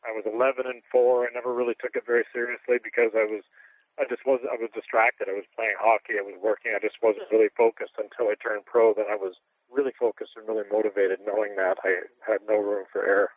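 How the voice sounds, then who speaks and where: A man's voice: fairly low pitch, level tone, fast, no echo. A man who is a retired pro boxer, telling candid anecdotes in an interview, rambling with restarts and chuckles. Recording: tinny phone-line radio audio.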